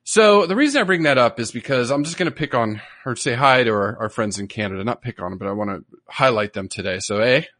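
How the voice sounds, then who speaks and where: A man's voice: medium pitch, lively intonation, quick pace, hardly any pauses, a bit bright, dry recording, clean studio sound. A man co-hosting a podcast in casual chat, enthusiastic and nerdy, rambling a bit as he explains things. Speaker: podcast co-host.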